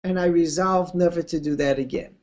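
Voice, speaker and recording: A woman giving a Torah class, telling stories in an unhurried, conversational way with expressive swings of pitch and casual asides. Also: highs cut off. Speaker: Torah teacher. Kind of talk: Torah class lecture with storytelling.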